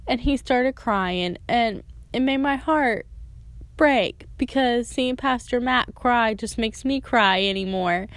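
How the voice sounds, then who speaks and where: A woman's voice: fairly high pitch, measured pace, no echo. Earnest young woman telling her story. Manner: earnest and emotional, with frequent "like" and "and so". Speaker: storyteller sharing a personal testimony. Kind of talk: personal testimony, casual storytelling.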